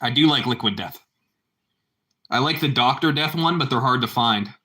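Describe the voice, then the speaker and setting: A man's voice: medium pitch, normal speed, sharp tone. A man chatting casually with his livestream viewers, rambling and repeating himself, and calling them bro. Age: adult parent. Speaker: livestream host.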